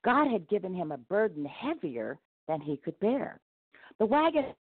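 A woman narrating a devotional story aloud in an expressive read-aloud manner. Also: low-pitched, no room sound. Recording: tinny phone-like dry sound.

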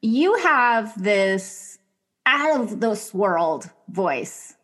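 A woman's voice: mid-range voice, big pitch swings, very slow, a bit bright. A woman hosting a podcast, talking in an effusive, enthusiastic way as she opens the show and interviews a guest. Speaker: podcast host.

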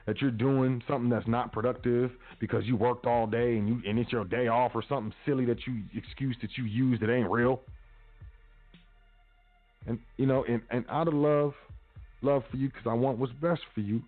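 Man preaching casually over a tinny line. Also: medium pitch. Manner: casual, preachy, repetitive urging. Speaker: podcast host. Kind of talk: motivational talk. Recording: tinny phone-like audio.

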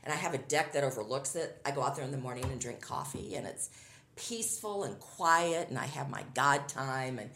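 A woman's voice: very deep voice, lively intonation, brisk, gravelly, fairly bright tone, roomy sound. A middle-aged woman talking casually as an interview guest, upbeat and chatty, often laughing as she tells stories.

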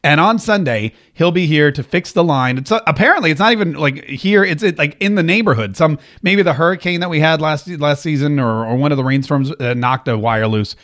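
This man, from around Jacksonville, Florida, speaks in a slightly high, fairly bright voice, talking briskly with hardly any pauses. On his own radio and podcast show from a home studio, he jokes his way through a rambling, self-mocking story in a casual comedic monologue.

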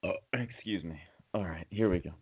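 A man's voice: deep voice, brisk, slightly rough. A man hosting a radio show, teasing his co-host in loose, playful banter. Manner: playful, teasing, reads aloud. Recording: tinny phone-like sound.

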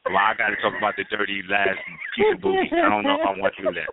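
A man's voice: lowish voice, huge pitch swings, rapid-fire, narrow, tinny audio, background noise. A man co-hosting a radio talk show, trading playful jokes in casual chat. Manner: joking, playful banter.

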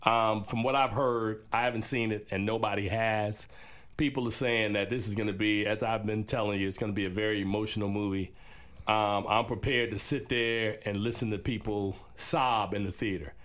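A man co-hosting a film podcast in casual chat, an animated storyteller who laughs often. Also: lowish voice, normal speed. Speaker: co-host and film critic.

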